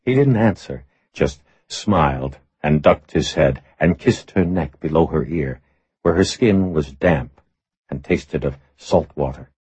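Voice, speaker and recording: A man narrating an audiobook in a measured, steady reading voice. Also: rumbling low, slightly rough, no room sound. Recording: slightly muffled recording.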